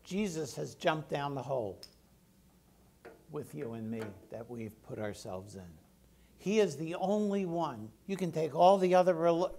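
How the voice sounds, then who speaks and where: A man's voice: fairly high pitch, creaky, darkish tone. A male pastor giving a conversational sermon, often putting questions to the congregation.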